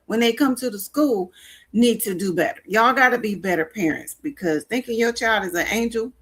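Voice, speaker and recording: A woman's voice: mid-range voice, fairly bright tone, slightly rough. A woman on a casual talk show, speaking in a blunt, outspoken and emphatic way. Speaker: podcast co-host. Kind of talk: casual chat.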